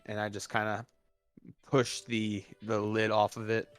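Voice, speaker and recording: A man's voice: fairly low pitch, monotone, measured pace, clean tone, soft background music. A man playing a tabletop role-playing game who chats casually and jokes around with the group. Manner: joking, playful banter. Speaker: player.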